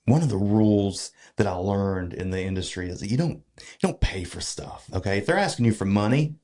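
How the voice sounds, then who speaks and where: A man's voice: lowish voice, fairly quick. A man telling a long story in a casual podcast chat, full of fillers and restarts. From Georgia, US. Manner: animated, filler-heavy retelling with many restarts. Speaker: podcast guest.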